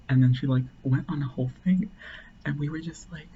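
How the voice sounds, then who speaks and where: A man's voice: fairly high pitch, a little fast, warm tone, highs cut off, slight background noise. A man casually telling a long, rambling story, full of "like" and restarts. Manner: rambling, heavy use of "like".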